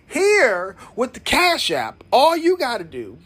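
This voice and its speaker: Lively, playful man hosting a podcast. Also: extremely high pitch, slow pace, slightly rough. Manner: playful, animated, jokes and chants with listeners. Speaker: podcast host. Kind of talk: casual podcast announcements.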